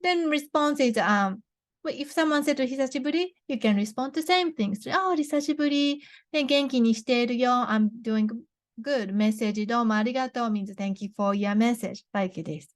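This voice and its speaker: A young woman with a Japanese accent teaching a beginner language lesson, saying words slowly and clearly for repetition, with frequent restarts. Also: a little high, no room sound, studio quality. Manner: slow, careful model pronunciations with many restarts.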